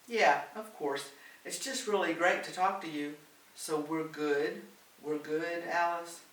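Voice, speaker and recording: A man's voice: a little high, fairly even intonation, slow pace, fairly bright tone, pitched above the performer's own voice. A man reading as an anxious, emotional mother. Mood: coaxing. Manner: earnest, emotional. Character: anxious middle-aged mother traveling abroad. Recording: roomy, distant, faint hiss.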